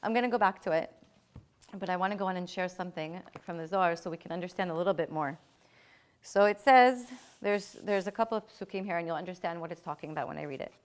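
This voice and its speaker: A woman's voice: lowish voice, quick pace. A woman lecturing a live class, stressing points by repeating them and asking rhetorical questions. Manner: emphatic, repeats key phrases, asks rhetorical questions. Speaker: teacher.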